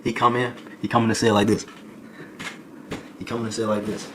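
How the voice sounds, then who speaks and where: Over a noisy background, a lowish-voiced young adult streamer tells a comic storytime at a fairly quick clip. He keeps it animated and slangy, repeatedly dropping "boy" and "folk."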